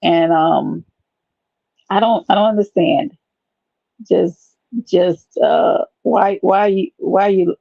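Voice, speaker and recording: Woman live-stream host, gravelly, playful rambling chat, dull dry lo-fi sound. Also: lowish voice, slow, long pauses, dry recording.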